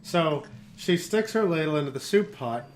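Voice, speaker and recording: A man co-hosting a casual gaming chat, telling an anecdote in an animated way and laughing often. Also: fairly high pitch, normal speed. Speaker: podcast co-host. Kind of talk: casual chat over gameplay. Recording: game music playing behind.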